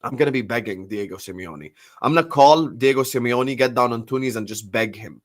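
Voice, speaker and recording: A young man rants about football to a live chat, repetitive and theatrical. He swings into mock pleading and sudden loud outbursts at a middle pitch. The sound is close and dry, with no room in it. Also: lively intonation, a little fast, hardly any pauses, no room sound. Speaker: football channel host. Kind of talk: animated solo football rant to a live chat.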